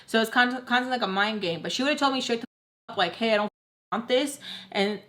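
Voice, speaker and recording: A woman's voice: fairly high pitch, fast, sharp tone. A young woman vlogger telling a personal story in a casual, candid way, swearing freely and saying "like" often. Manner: candid and blunt, swears freely, chatty with many "like"s. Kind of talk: casual storytime while doing makeup.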